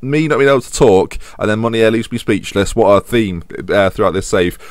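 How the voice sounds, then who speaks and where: A man's voice: lowish voice, brisk, no room sound. A young man commentating on a football management game, rambling and teasing himself as he goes. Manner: self-mocking, rambling, chuckles often. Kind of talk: casual let's-play commentary.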